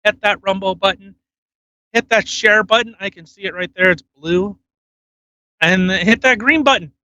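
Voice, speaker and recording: A man's voice: sits high, normal speed, sharp tone, no echo. A man hosting a podcast in casual chat, full of provocative jokes and banter. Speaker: podcast host.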